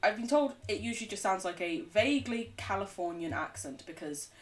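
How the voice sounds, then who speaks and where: An English woman chatting casually while streaming a game, animated, laughing often and swearing freely. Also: medium pitch, fairly quick, far from the mic. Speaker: livestreamer. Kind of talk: casual chat while gaming.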